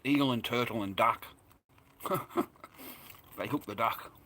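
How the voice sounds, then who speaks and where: Australian bloke vlogging, rambling and chatty, bright tone, easy laugh. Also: male voice, mid-range voice, slow pace. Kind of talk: casual chat to camera.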